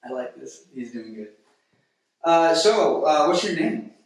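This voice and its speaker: Young male host of a casual review show: rambling and filler-heavy, recorded far off in a boomy room. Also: expressive, measured pace. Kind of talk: casual comedic film review chat. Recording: very echoey room, distant mic.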